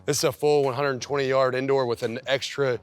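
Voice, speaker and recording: A man's voice: medium pitch, level tone, clean tone. Easygoing storytelling football coach, man. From Kentucky. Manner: easygoing storyteller, quick asides. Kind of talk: casual interview and facility tour.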